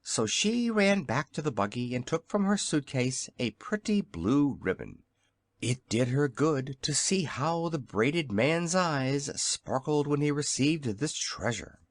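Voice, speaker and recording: A man narrating a classic children's storybook as an audiobook, in an expressive storytelling manner. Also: a little high, measured pace, dry recording. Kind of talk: scripted narration.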